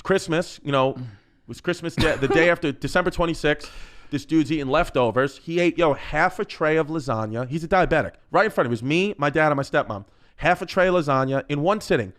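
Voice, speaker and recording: A man telling profane, animated comic stories on a podcast, often breaking into laughter. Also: on the high side, quick pace. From New York. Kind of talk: podcast storytelling.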